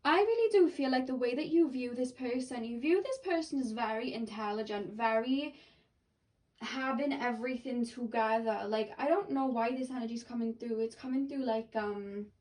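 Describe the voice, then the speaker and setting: Rambling woman tarot reader, high voice. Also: normal speed, a little mellow, recorded from a distance. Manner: rambling, full of "like" and self-corrections. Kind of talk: pick-a-card tarot reading.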